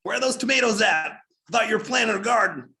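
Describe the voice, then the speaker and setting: A man's voice: sits high, animated, fast talker, pushed and bright, voice pushed up, exaggerated voice. A man voicing a skeptical, nosy male neighbor who needles with mocking questions. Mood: teasing.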